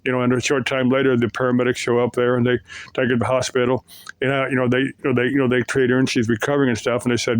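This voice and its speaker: Rambling male storyteller, halting and casual, dry close recording. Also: mid-range voice, flat delivery, dry recording. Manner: rambling, full of fillers and restarts. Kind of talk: casual retelling of creepy stories.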